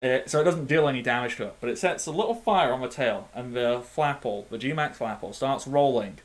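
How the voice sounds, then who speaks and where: A man's voice: medium pitch, fairly quick. Playful man running a tabletop game. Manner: animated, playful, makes sound effects. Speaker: game master.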